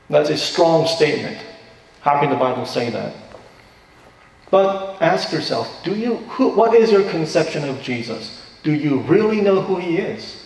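A man preaching in a church, pressing his points with emphatic repeated questions. His somewhat high voice rings through a large reverberant hall. He is heard from some distance off the mic. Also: lively intonation, unhurried, gravelly. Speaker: pastor. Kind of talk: sermon. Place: church sanctuary. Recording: echoey hall from far off.

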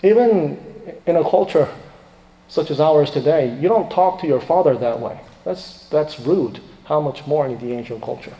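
Preaching at normal speed in a big echoing hall, a man projects a high, mellow voice with plenty of animation. He shifts from forceful, booming questions to soft, murmured asides.

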